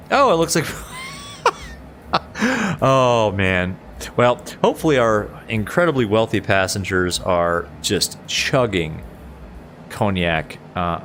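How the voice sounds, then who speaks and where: Chatty, gravelly-voiced male streamer. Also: lowish voice, slight background noise. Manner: chatty, self-deprecating, reads chat aloud. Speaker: flight sim streamer. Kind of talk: casual live-stream chat.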